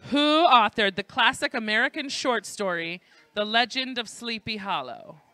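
Speaking at medium pitch and normal speed in a pushed, bright voice with no echo, the New York host runs live trivia at an indoor student event in a library. Jokes and playful asides keep flowing toward the audience.

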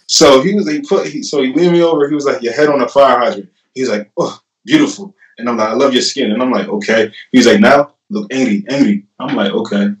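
Relaxed young man telling stories in a roomy space. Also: medium pitch, fast, few pauses. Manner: animated, laughing retelling with lots of "I'm like". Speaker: guest. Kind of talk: casual storytelling interview. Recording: roomy and a bit distant from the mic.

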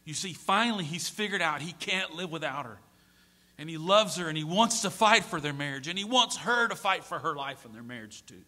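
A middle-aged man preaching a sermon as a pastor, moving from hushed storytelling to pleading shouts. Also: on the high side, animated, brisk. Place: church sanctuary.

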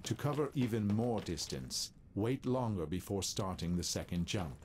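A man voicing a calm male training simulator computer that gives formal, instructional announcements. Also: fairly low pitch, normal speed, lightly acted. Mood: instructing. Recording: noisy game audio capture.

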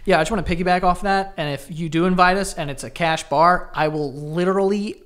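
A young man hosting a podcast, joking around in a relaxed way and swearing often. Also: high-pitched, fast, smooth. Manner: laid-back, joking, swears a lot. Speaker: podcast host. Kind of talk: casual chat.

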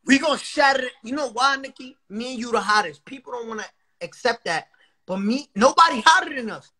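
Dude hyping it up on a phone live, boasting and cutting in a lot. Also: male voice, extremely high pitch, animated, a little fast, bright, forceful tone. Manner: hyped, boastful, interjecting. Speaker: guest on live stream. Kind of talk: casual live-stream chat.

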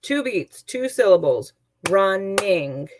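Gravelly-voiced woman teacher explaining. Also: lowish voice, normal speed, a little hiss or hum. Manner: chatty, explains with examples and asides. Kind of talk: online class lesson.

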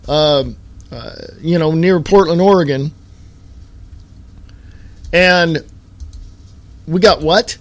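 Emphatic man hosting a talk-radio podcast. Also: on the high side. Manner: emphatic, repetitive, slowed stress on key words. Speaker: podcast host.

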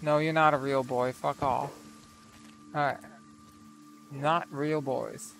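A man's voice: on the high side, fairly even intonation, slow, creaky, a bit bright, a little hiss or hum. A man giving casual, profane, incredulous let's play commentary over his game. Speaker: gaming video creator.

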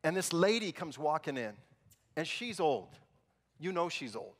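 High-voiced preacher in a ringing hall. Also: male voice, a little slow. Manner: animated storytelling, drops low and soft to make a point. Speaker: pastor. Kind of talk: sermon. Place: large church sanctuary. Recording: long reverb in a big hall.

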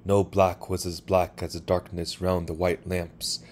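A man reading a short story aloud for sleep, calm and measured. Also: deep voice, a little hiss or hum. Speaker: narrator.

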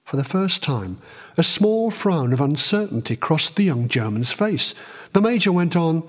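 A man's voice: fairly high pitch, animated, moderate pace. A man reading his own book aloud as a dramatic audiobook narrator. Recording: long reverb.

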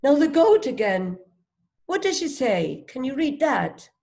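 A woman teaching a child to read, sounding out letters one by one and gently encouraging with prompts and questions. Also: sits high, big pitch swings, a little slow, gravelly. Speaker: reading teacher. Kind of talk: phonics read-along lesson for a child.

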